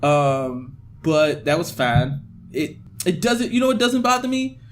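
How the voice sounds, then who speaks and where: Ranting man, fairly high voice. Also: big pitch swings, measured pace. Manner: ranting, many fillers. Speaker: podcast co-host. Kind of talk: casual podcast chat.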